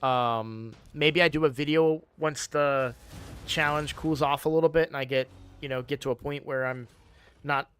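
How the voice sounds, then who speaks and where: A man's voice: on the high side, steady tone, normal speed, fairly bright tone, clean tone. Sleepy rambling man streamer. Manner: rambling, with frequent restarts. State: sleepy, yawning. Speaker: game streamer. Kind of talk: casual live-stream chat.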